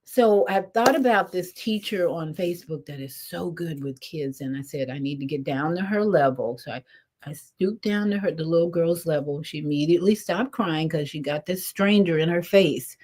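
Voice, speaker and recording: An older woman, a spiritual teacher, telling a story in an animated, lively way, her voice swinging between rises and soft drops. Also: low-pitched, normal speed. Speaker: spiritual teacher leading meditation. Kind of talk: storytelling talk.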